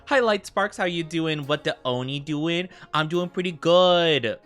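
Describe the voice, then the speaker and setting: A man's voice: fairly high pitch, measured pace, fairly bright tone, faint music behind. An American man streaming a game, chatting casually and rambling with lots of filler words. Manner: rambling, heavy use of fillers like "like". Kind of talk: casual livestream chat.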